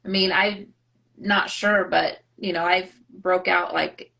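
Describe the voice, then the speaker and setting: A woman co-hosting a casual live-stream chat, reflective and quick to laugh. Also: fairly low pitch, little pitch movement, vocal fry. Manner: warm, reflective, laughs often. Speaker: co-host.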